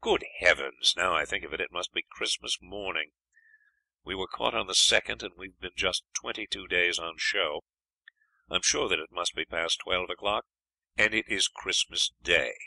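A cheerful, plucky young lad in an adventure audiobook, hearty and encouraging. A man reads him in a low, gravelly voice with a bright, forceful edge, dry and close. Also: moderate pace, dry recording, exaggerated voice, poor audio.

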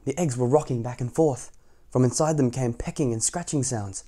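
A man reading a children's picture book aloud as the storytime host, adding gentle asides to young listeners. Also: mid-range voice, normal speed. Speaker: storytime reader.

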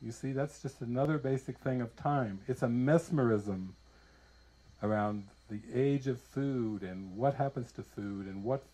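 A man, a spiritual teacher, giving a casual talk full of animated stories and frequent laughter. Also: medium pitch, measured pace. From United States. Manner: animated storyteller who laughs often.

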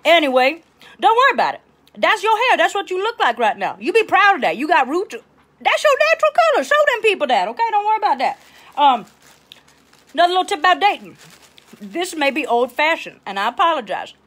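A woman's voice: high-pitched, big pitch swings, brisk, a bit bright. A woman playing a bossy Louisiana advice lady. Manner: chatty, bossy, tangents, keeps asking okay. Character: brassy middle-aged Southern woman giving life advice. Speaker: host of a live advice show. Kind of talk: improv comedy livestream.

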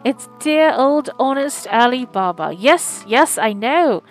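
A woman's voice: medium pitch, expressive, normal speed, soft background music, lightly acted, low-quality recording. A woman reading aloud, voicing an old miserly man who exclaims eagerly, caught between laughing and crying. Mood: excited.

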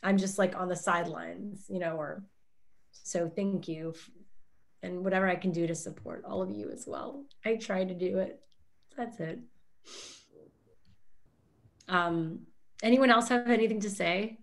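A woman's voice: fairly low pitch, steady tone, normal speed, gravelly. A woman from Canada hosting a panel talk over a video call, speaking openly and emotionally, her voice lifting when she is moved. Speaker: host.

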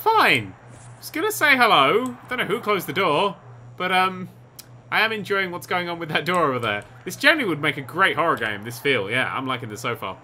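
A man commentating over a video game he is playing, excitable and sarcastic, swearing often. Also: fairly high pitch, fairly quick, slight background noise. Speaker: gaming commentator. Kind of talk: let's play commentary.

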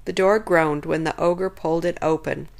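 A woman reading a children's chapter book aloud in an expressive, lively way. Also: low-pitched, normal speed, creaky. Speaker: storyteller.

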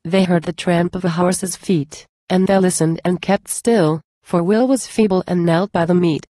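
A woman recites a long narrative poem at a measured, rhythmic pace. Her voice sits low and warm. The sound is dry and close. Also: fairly even intonation, no room sound. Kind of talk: poetry recitation.

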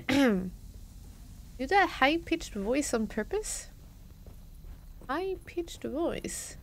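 A woman's voice: high voice, very animated, drawn-out words, slight background noise. A woman streamer chatting casually and reacting aloud as she plays a game live. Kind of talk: live gameplay commentary.

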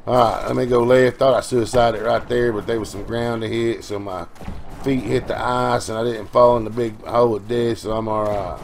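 A middle-aged man, tired from no sleep, giving rambling, folksy, profane gameplay commentary with quick outbursts. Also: mid-range voice, steady tone, slight background noise. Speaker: gaming channel host.

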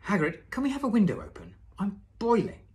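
A man's voice: high-pitched, wildly swooping pitch, brisk, a little mellow, voice pushed up. A man reading aloud and voicing an eager, anxious young boy who asks questions urgently.

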